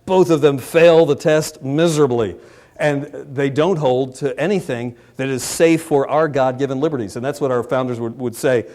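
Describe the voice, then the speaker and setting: A man preaching a political sermon as a pastor, impassioned, swinging between loud emphatic peaks and low muttered asides. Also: moderate pace. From Maryland, USA.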